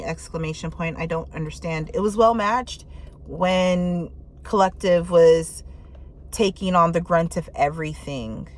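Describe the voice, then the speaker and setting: A woman reading tarot messages in casual chat, candid and loose, swearing freely and reacting out loud. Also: on the low side, unhurried. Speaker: tarot reader.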